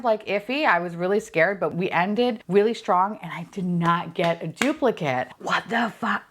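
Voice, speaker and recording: A young adult woman, an unboxing vlogger, chats casually at home while opening blind-box toys. Her mid-range voice is creaky, and she's excitable and profane, gasping and squealing at each thing she pulls out.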